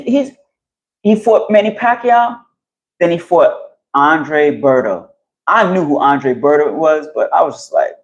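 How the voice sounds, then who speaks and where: A man rambling casually and profanely on a phone live stream while walking outdoors, getting animated as he talks. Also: sits high, low-quality recording. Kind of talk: casual live-stream chat about boxing. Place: outdoors in the heat. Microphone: phone held while walking outdoors.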